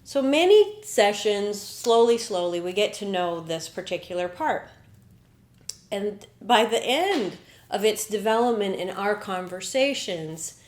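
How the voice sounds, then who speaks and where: A woman's voice: mid-range voice, measured pace. A woman hosting a spiritual podcast, talking in an earnest, reflective way and often slipping into quoted inner dialogue. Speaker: podcast host. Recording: roomy echo.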